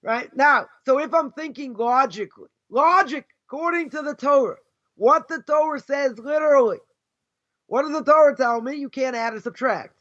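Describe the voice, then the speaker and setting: Speaking at a normal speed in an extremely high, slightly bright voice, this Boston-accented man leads an informal Torah class as a rabbi. Rhetorical questions drive his argument, and he restates his main phrases for emphasis on a dull, lo-fi recording.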